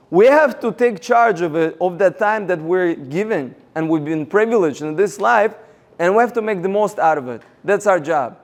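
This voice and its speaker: A man giving a motivational seminar talk, energetic and rallying the audience with questions. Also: high voice. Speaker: seminar speaker.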